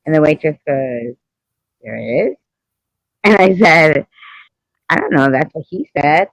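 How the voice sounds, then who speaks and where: A woman's voice: rumbling low, no echo, muffled recording. A middle-aged woman hosting a casual live stream, blunt and teasing, telling stories and laughing often.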